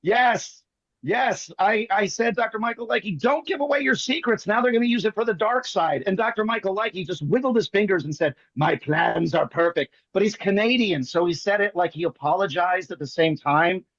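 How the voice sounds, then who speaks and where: A man performing as a magician, telling jokey stories in quick comic patter over a video call. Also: sits high, a bit bright, no echo, lo-fi sound. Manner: rapid joking storyteller, playful teasing. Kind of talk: comic patter on an online show.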